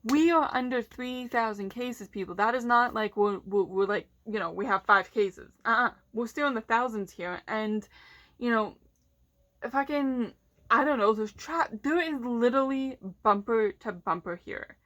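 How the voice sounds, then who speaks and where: A woman's voice: fairly high pitch, normal speed, a bit bright. A woman vlogger ranting casually and bluntly, swearing heavily and sounding frustrated.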